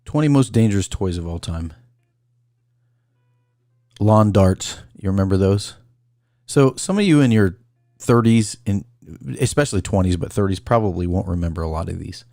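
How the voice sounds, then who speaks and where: A man's voice: sits low, lively intonation, moderate pace, pauses often, warm tone, no room sound, clean studio sound. A man hosting a casual call-in livestream, rambling through a list and greeting viewers by name. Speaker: call-in show host.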